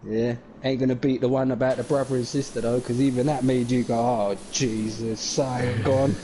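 A man's voice: mid-range voice, little pitch movement, fast, warm tone, slight background noise. Joking young man on stream. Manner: joking, laughing, slangy banter. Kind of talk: casual chat while gaming on stream.

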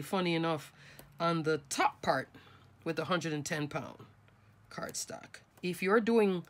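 A middle-aged woman with a low voice, nasal from a cold, chats her way through a step-by-step craft tutorial at her desk. She addresses her viewers as folks and crafters.

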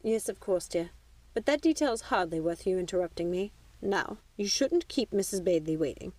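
A woman's voice: fairly low pitch, animated, normal speed, dark tone, no room sound. A woman voicing a haughty, dismissive aristocratic mother with a clipped, imperious manner.

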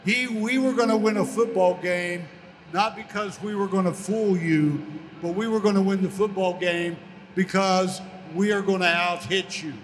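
A man's voice: sits high, normal speed, long reverb tail, slight background noise. An older American man, a former pro football player, telling stories as an interview guest and acting out the voices he quotes. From United States. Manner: animated storyteller, acts out quoted voices. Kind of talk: storytelling in a casual interview.

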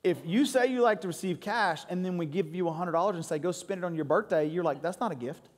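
A man's voice: sits high, quick pace. A man preaching a sermon, a pastor who tells comic stories and keeps quizzing his congregation. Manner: joking, crowd-engaging storytelling. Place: church sanctuary. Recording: long hall reverb.

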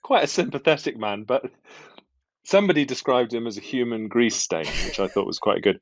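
A man's voice: medium pitch, animated, fairly quick, no room sound. A middle-aged British man with a British accent, an actor chatting as an interview guest in a wry, self-deprecating way. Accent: British English. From England. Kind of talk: relaxed interview chat.

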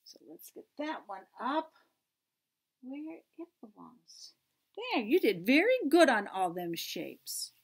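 A woman leading a church story time, gently asking small children questions and reading picture books aloud. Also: on the high side, big pitch swings, slow, breathy edge. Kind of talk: picture-book read-aloud for toddlers.

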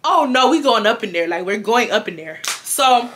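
A young woman tells a storytime straight to her viewers, her voice bright and forceful. She sits a little higher than most women and keeps swearing and laughing as she goes. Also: normal speed, a little hiss or hum. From Houston, Texas. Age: 20s. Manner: animated, swears freely, laughs often, talks straight to viewers. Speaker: vlogger telling a storytime. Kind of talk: casual storytime.

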